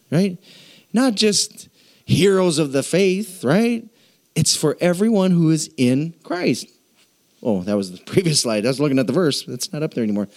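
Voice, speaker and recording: A man preaching a sermon to a congregation, emphatic and animated, sometimes shouting out his point. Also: fairly high pitch. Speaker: pastor.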